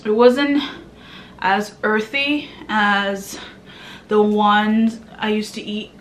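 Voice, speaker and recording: A pregnant woman from Kenya vlogging in a chatty, animated way, now and then dropping to a hushed murmur. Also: mid-range voice, drawn-out words, slight background noise. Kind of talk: casual chat to camera.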